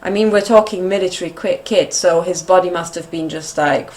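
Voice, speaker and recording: Female host, casual and chatty, somewhat low voice, heavy on fillers. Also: a little fast, a little mellow, poor audio. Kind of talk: casual interview chat.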